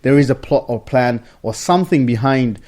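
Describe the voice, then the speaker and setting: A man co-hosting a casual current affairs radio talk show, halting and often repeating words as he thinks aloud. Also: medium pitch, a little mellow. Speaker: radio co-host. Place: radio studio.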